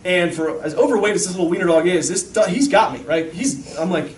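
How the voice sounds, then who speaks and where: A man giving a lively talk to parents, telling stories and acting out the voices of the people in them. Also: high voice, fairly quick, hardly any pauses, slight background noise. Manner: animated storyteller, acts out voices. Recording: echoey room, mic far off.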